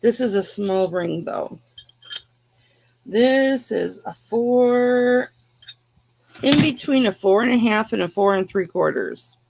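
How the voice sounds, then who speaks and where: A woman's voice: mid-range voice, lively intonation, normal speed, creaky, few pauses, darkish tone, husky. A woman hosting a live jewelry auction in a casual, chatty, teasing way, talking to viewers by name. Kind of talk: casual live-stream selling chat.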